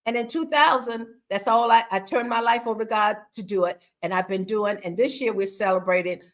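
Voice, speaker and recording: A woman in her sixties telling a personal story in a conversational talk, acting out quoted dialogue with lively, expressive delivery. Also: mid-range voice, brisk. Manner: animated, acts out quoted dialogue with her own voice. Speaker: guest speaker on faith and mother-daughter bonding.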